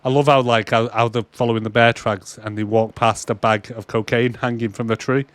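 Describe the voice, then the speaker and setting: A man co-hosting a casual podcast, retelling film scenes with swearing and quick quoted voices. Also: medium pitch, flat delivery, a bit bright, dry recording. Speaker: podcast co-host. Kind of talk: casual chat.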